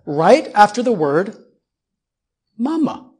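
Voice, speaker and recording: A man's voice: high-pitched, very animated, slow, darkish tone, slightly rough. A man in his thirties preaching a sermon as a pastor, building on repeated phrases and putting rhetorical questions to his congregation.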